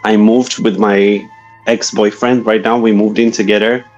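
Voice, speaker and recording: Soft music sits behind this lo-fi recording of a Slovak man in his thirties, whose lowish, darkish voice keeps a level tone at a moderate pace. Speaking with a Slovak accent as a guest in a casual interview, he tells a story in hesitant, nonnative phrasing heavy with fillers.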